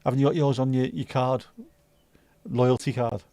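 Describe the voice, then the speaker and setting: Laid-back sweary livestream host. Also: male voice, medium pitch, flat delivery, normal speed, warm tone, no echo. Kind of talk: casual chat reading viewer comments.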